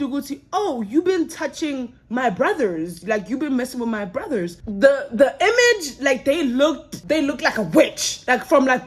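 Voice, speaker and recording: A young woman telling a story in a casual vlog, animated and full of fillers, slipping Zulu phrases into her talk. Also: sits high. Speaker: vlogger.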